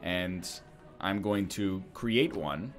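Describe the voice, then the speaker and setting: A man's voice: sits low, extremely slow, faint music behind. A man joking and thinking aloud as he plays a strategy game, giving casual gameplay commentary. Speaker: gaming streamer.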